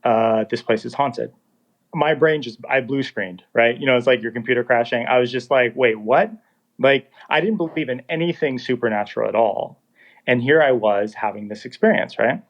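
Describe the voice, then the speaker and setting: A man in his thirties telling his own story in a casual, animated way, acting out the dialogue as he goes. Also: medium pitch, moderate pace. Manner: animated, acts out dialogue in quotes. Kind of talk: casual first-person storytelling. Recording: dull lo-fi sound.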